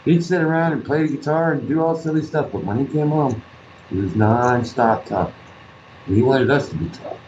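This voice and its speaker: A man's voice: medium pitch, moderate pace. A man telling a personal story in an interview, earnest, repeating himself and acting out what others said. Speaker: guest artist and musician. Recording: dull lo-fi recording with faint noise.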